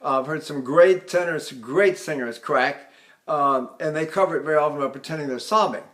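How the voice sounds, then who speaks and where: An older man, a voice teacher, explaining singing technique with halting restarts and sung demonstrations. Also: on the high side, a bit bright.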